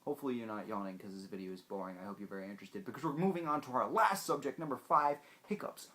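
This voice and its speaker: A man's voice: fairly low pitch, quick pace, few pauses. Joking young man explaining science. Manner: animated, joking, talks straight to the viewer. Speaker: science video host. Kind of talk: casual explainer monologue.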